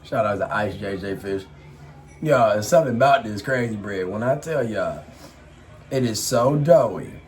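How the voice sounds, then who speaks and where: A man's voice: fairly low pitch, animated, normal speed, darkish tone. A young man chatting casually and joking while he eats on a vlog, with loose, laid-back talk and free swearing. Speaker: vlogger. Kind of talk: casual eating vlog chat. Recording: echoey room, faint background noise.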